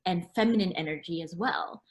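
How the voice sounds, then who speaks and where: A woman founder chatting in an interview, full of fillers and restarts, acting out quoted dialogue with sudden lively jumps in pitch. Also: fairly quick, a little hiss or hum. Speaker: guest, apparel brand founder. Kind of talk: casual interview chat.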